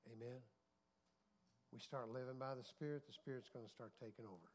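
A man's voice: mid-range voice, brisk. A male pastor preaching a sermon, telling a story and often asking the congregation for an amen. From United States. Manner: storytelling, acting out quotes, asking the congregation for amens.

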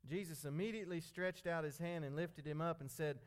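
Man, folksy preacher, fairly high voice, chatty informal sermon. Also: fairly even intonation, a little fast. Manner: folksy, conversational, repeats himself.

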